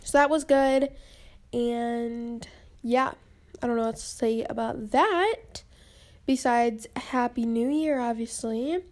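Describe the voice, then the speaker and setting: A woman's voice: on the high side, slow, darkish tone. A young woman hosting a casual podcast from home, out of breath, chatty and rambling. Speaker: podcast host. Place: home, indoors.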